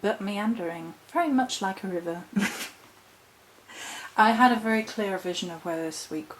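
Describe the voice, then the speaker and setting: A woman vlogger who practises witchcraft speaks at a moderate pace in a medium-pitched voice about her spiritual path. Thoughtful and wandering, she cuts in on herself with corrections and laughs, and the rough recording holds slight background noise.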